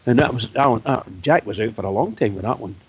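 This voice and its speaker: A husky Scottish man reminisces about past matches on a fan radio show. The recording is dry and slightly muffled. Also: mid-range voice, expressive, fast talker, no echo. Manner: reminiscing, storytelling. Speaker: radio co-host. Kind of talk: fan phone-in chat. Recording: dry, dull lo-fi radio sound.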